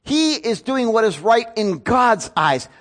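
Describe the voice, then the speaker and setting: A man's voice: extremely high pitch, sing-song, slow, a bit bright. A man, a pastor preaching a sermon in an earnest, storytelling way. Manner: earnest, storytelling with rising emotion.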